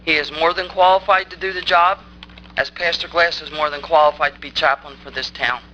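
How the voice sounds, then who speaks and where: A woman's voice: low voice, steady tone, fairly quick, sharp tone, highs cut off, a little hiss or hum. A woman resident speaking at public comment during a town council meeting, angry, accusing and insistent.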